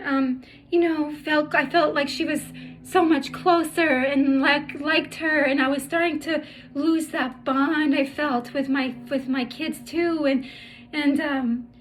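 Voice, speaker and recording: A middle-aged woman telling her life story through tears, halting and full of restarts. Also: sits high. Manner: halting, emotional, many restarts. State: tearful. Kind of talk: personal storytelling vlog.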